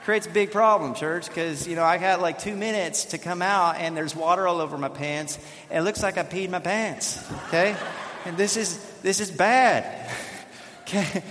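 High-voiced pastor preaching in a reverberant sanctuary. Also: male voice, moderate pace, a little hiss or hum. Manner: storytelling, self-deprecating, animated. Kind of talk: sermon. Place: church sanctuary. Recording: long hall reverb.

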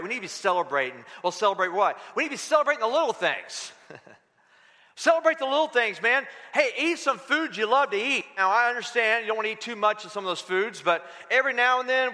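A preacher with a very high voice for a man delivers an energetic, folksy sermon, often prodding his congregation for responses. His tone is bright and forceful, and the long reverb of a large hall follows each phrase. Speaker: pastor.

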